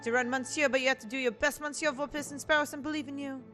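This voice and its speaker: A woman doing a squeaky, urgent little mouse messenger. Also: fairly even intonation, fast, a bit bright, faint music behind. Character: tiny excitable male mouse messenger.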